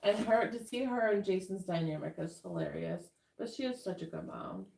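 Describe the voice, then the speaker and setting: Gravelly low-toned woman, roomy echo. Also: expressive, a little fast, dark tone. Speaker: studio guest. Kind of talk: casual chat.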